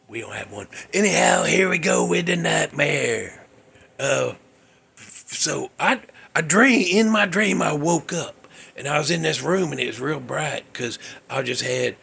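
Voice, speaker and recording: A man's voice: medium pitch, vocal fry, sharp tone, slight background noise. A man hosting his own show, telling a dream story in a rambling, folksy, exasperated way. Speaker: host. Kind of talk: comedic storytelling monologue.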